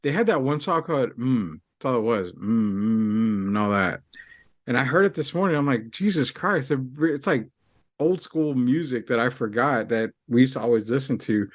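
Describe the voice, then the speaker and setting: A man co-hosting a podcast in casual chat, animated and joking, swearing casually. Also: mid-range voice, normal speed, no echo, studio quality. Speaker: podcast co-host.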